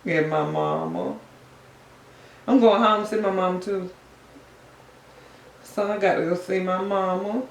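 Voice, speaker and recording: A woman, chatting to viewers in a sassy, animated, gossipy way while eating on camera. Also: medium pitch, a little slow, vocal fry, pauses often, slight background noise. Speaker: mukbang vlogger. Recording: echoey room.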